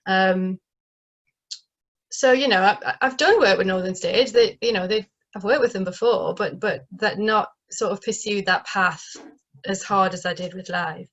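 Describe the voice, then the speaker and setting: A woman with a northeast English accent talks casually as an interview guest, her voice mid-pitched. She hesitates and restarts often, and the video call audio is slightly dull. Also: normal speed, a bit bright. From northeast England. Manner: chatty, hesitant, many fillers and restarts. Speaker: playwright guest.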